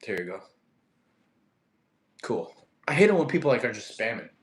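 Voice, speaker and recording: A young man from Russia, a fitness streamer reading live chat, animated and quick to get annoyed at spammers. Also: mid-range voice. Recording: echoey room.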